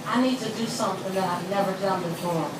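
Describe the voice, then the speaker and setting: A middle-aged woman giving a live motivational speech, telling a story with animated energy and leading the audience in call-and-response chants. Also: quick pace. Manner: acts out quoted voices with sudden loud pitch jumps. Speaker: motivational speaker. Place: large hall with a live audience. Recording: echoey hall, distant mic, audience noise.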